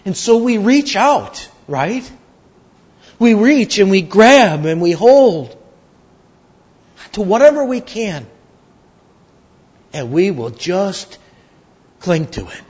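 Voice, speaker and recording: A male preacher giving an earnest, measured sermon and telling a story, with lots of repetition. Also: high voice, very animated, a little mellow, husky. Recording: dull lo-fi recording.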